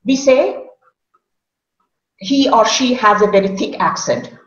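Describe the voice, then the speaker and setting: A woman's voice: fairly high pitch, slow. A woman, speaking as a coach and patiently demonstrating how words should be said. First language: Hindi. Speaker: accent coach. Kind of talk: explanatory interview answers. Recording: roomy, dull lo-fi audio.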